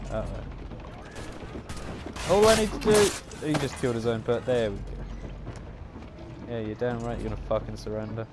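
A young man sarcastically commenting on a game, swearing a lot. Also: on the low side. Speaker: gaming channel host. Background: game music.

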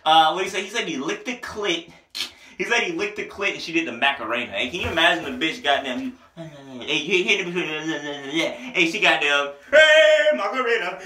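A man reviewing an album in a casual, rambling way, excitable and full of slang, with a headache. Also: a little high, brisk. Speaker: music reviewer. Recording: echoey room.

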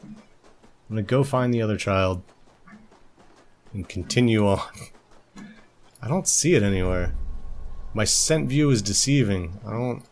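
A man's voice: on the low side, unhurried, long pauses, darkish tone. A man voicing a sassy newborn lynx cub who nags his mother, in joking, mock-whiny let's play commentary. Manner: joking, mock-whiny complaints, frequent laughs.

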